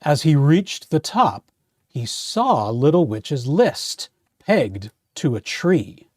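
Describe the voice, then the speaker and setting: A man's voice: a little high, very animated, slow pace, dry recording, studio quality. A man hosting a children's storytime as a playful vampire count, reading a picture book aloud. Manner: playful, theatrical vampire host. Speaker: children's librarian playing a vampire count host.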